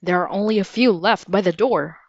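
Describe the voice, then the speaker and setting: A woman's voice: medium pitch, a little fast, dry recording, natural voice. A woman reading aloud and voicing a careful, brusque grown man in a storybook. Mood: firm. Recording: dull lo-fi dry recording.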